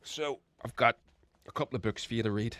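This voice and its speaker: Alone at the mic for his political podcast, a man with a mid-range voice rants a little fast, swearing all the while and working himself up to shouting. There's no room sound in the recording.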